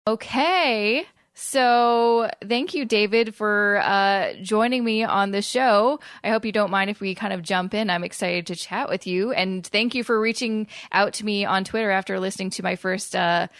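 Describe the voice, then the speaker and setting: Canadian lady podcast host, chatty and upbeat, gravelly, dry close sound. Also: medium pitch, a bit bright, no room sound. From Vancouver, Canada. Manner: upbeat, chatty, quick to laugh. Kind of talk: casual interview chat.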